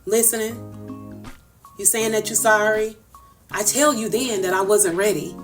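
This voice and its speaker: A woman's voice: mid-range voice, fairly even intonation, unhurried, long pauses, recorded from a distance, faint music behind. A woman livestreamer giving a heated personal callout, emphatic and confrontational, repeating her points for force. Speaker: social media livestreamer.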